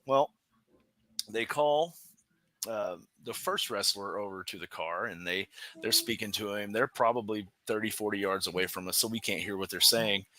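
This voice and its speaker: A man, a professional wrestler guest on a podcast, telling a story in an animated way, laughing often and restarting his sentences. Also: fairly low pitch, moderate pace. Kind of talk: casual storytelling interview.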